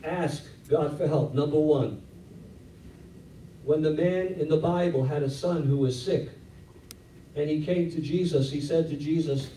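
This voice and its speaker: A man preaches a lively sermon, slipping into voices as he acts out scenes. His voice is slightly high and mellow. It carries echo from a roomy church and sounds a little distant from the mic, with faint ambience behind. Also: a little slow, pauses often, slight background noise. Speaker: pastor.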